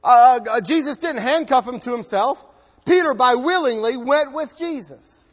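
High-voiced preacher in an echoing hall. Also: male voice, normal speed. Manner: emphatic, swings between loud and hushed, repeats words. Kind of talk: sermon. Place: church.

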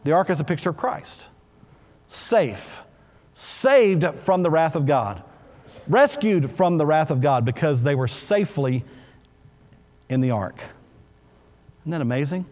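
A man's voice: a little high, expressive, unhurried, long pauses, darkish tone. Earnest preacher man in a reverberant hall. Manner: earnest, repeats key phrases, scripture reading. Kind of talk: sermon. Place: church.

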